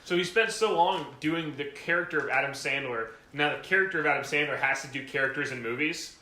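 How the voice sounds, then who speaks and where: A man's voice: on the high side, fast, bright, forceful tone, reverberant, slight background noise. A man co-hosting a casual podcast aftershow, joking and rambling through odd theories with restarts. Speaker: podcast co-host. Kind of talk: casual chat.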